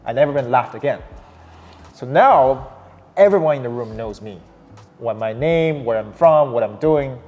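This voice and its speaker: A man's voice: mid-range voice, moderate pace, dull audio, faint music behind. A young man, a startup founder, telling his story in a casual interview with lots of restarts and fillers. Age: young adult. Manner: animated, many restarts and fillers. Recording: long hall reverb, faint noise.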